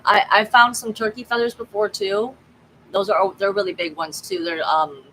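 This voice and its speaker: A woman's voice: mid-range voice, a bit bright, a little hiss or hum, rough recording. A woman tarot reader chatting casually on a live stream, swearing freely and reacting to the chat.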